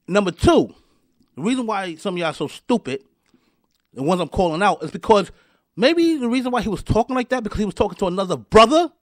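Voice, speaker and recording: A show host angrily rants at his listeners, addressing them directly with frequent stumbling restarts and repeated words in heated commentary. His voice sits high with lively intonation and a fast pace, recorded in clean studio sound with no room echo.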